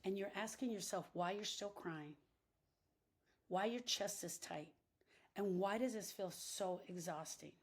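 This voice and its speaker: Husky woman, impassioned grief talk. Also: mid-range voice, a little slow. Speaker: grief coach and podcast host.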